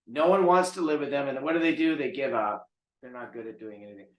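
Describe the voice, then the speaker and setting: Dog trainer guy lecturing hard, blunt and pushy, middle pitch, echoey room. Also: fast. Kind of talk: casual talk to camera. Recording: roomy echo.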